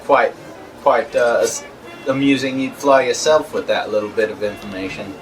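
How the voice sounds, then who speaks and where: A man's voice: medium pitch, fairly even intonation, normal speed, lightly acted. Brief: cocky Australian sky captain, put on by a man, nosy, chatty, a bit distant from the mic over music. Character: brash male Australian airship captain.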